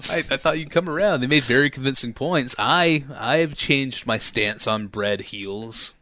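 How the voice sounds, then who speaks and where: A man's voice: mid-range voice, measured pace, sharp tone, a little hiss or hum. A man co-hosting a casual podcast, teasing his partner in a wry, stammering banter. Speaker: podcast co-host.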